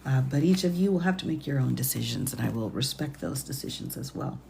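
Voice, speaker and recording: A woman attorney hosts a livestream late at night from home, keeping her voice hushed and chuckling quietly. Her voice sits low with a gravelly edge, and faint noise sits behind her. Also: lively intonation, a little fast.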